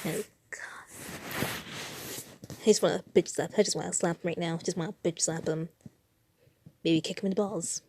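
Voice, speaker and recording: A woman's voice: on the low side, fairly even intonation, normal speed, pauses often, darkish tone, slight background noise. A woman reacting to fanfiction she reads aloud, exasperated, sighing and swearing. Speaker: fanfiction reader.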